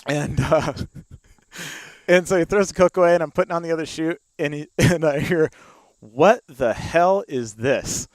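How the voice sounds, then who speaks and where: A man's voice: fairly high pitch, steady tone, normal speed, no room sound. A young man telling a long story in casual chat, with lots of fillers and laughs, spoken into a studio mic. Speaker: podcast guest.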